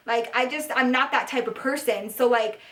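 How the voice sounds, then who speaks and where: A young woman telling a casual storytime vlog, animated and profane, her voice climbing high and loud when she is outraged. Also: moderate pace, echoey room. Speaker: beauty vlogger telling a story.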